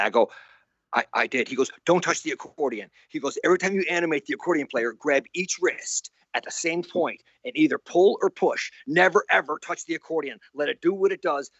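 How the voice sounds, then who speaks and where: A man's voice: a little high, a bit bright, no room sound, muffled recording. A man in his sixties, a guest animator in an interview. He tells his stories animatedly, laughs often and acts out the voices he quotes. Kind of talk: anecdotal storytelling in an interview.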